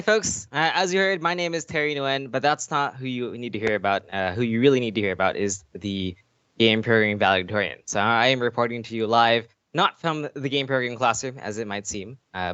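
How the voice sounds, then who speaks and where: A man's voice: mid-range voice, fairly bright tone, clear, resonant tone, dry recording. A man presenting an award from his home desk in a casual, conversational way, often asking "right?" and using fillers. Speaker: programming instructor presenting an award. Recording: dry, dull lo-fi sound.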